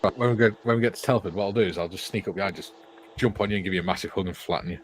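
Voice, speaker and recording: A man's voice: deep voice, fairly even intonation, very fast, noisy background. An older Welsh man co-hosting a casual livestream, jokily reading out viewer comments with frequent laughs. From Wales. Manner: jokey, reads viewer comments aloud with laughs. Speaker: co-host reading live chat.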